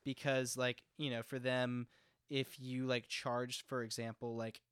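A man's voice: medium pitch, level tone, measured pace, fairly bright tone, clear, resonant tone, no echo, studio quality. A young man from Texas co-hosting a podcast, rambling casually with lots of "like" and swearing. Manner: rambling, profane, lots of fillers. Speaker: podcast co-host. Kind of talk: casual political chat.

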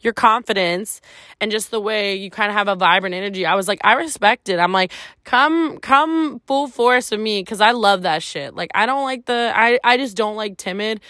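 A woman tells a personal story on her podcast in a loose, candid, chatty way, peppered with "like" and the odd swear word. Her voice sits at an ordinary middle pitch. The sound is dry, with no room around it. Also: a little fast, fairly bright tone, no echo. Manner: casual, chatty, heavy use of "like", swears freely. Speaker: podcast host.

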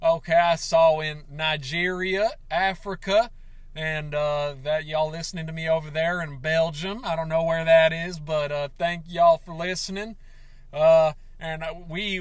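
A man hosting a comedic podcast in a crude, rambling, self-pitying way, breaking into yelled outbursts. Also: fairly high pitch, steady tone, a little slow, clear, resonant tone, no room sound. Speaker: podcast host.

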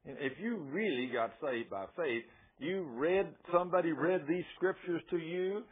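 A man preaching a sermon in a folksy, conversational and emphatic way, with a husky voice. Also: fairly high pitch, animated, a little slow. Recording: tinny phone-like radio broadcast.

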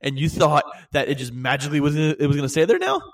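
A man's voice: on the high side, sing-song, rapid-fire. A man co-hosting a podcast, teasing his friend with incredulous questions in casual chat. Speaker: podcast co-host.

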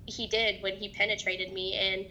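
A young woman telling her own story as a guest in an interview, halting and hesitant, with many restarts. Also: mid-range voice, little pitch movement, bright, forceful tone, slight background noise, poor audio. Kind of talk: personal testimony in an interview.

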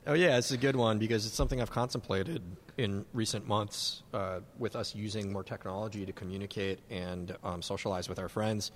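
A man's voice: on the low side, steady tone, fairly quick, hardly any pauses, slight background noise. A man co-hosting a casual wine-tasting chat, easygoing, explaining wines and reading out questions. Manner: easygoing, plugs and explains, likes puns. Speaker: podcast co-host. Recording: long reverb.

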